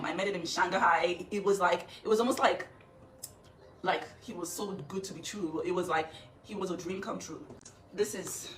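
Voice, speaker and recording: A woman's voice: lowish voice, roomy sound, far from the mic, slight background noise, low-quality recording. A woman telling her side of a story in a defiant, earnest casual talk. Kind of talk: emotional casual talk to camera.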